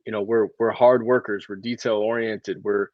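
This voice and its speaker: A man's voice: on the low side, fairly even intonation, normal speed, no echo, highs cut off. A man as a guest in a casual interview, speaking earnestly and repeating words as he builds his point. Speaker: guest, sober living founder.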